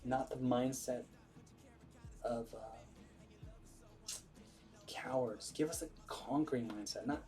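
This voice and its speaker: A man's voice: medium pitch, takes it slowly, long pauses, mellow, soft background music. A man leading an earnest, emphatic prayer and then explaining it in informal preaching, with many restarts.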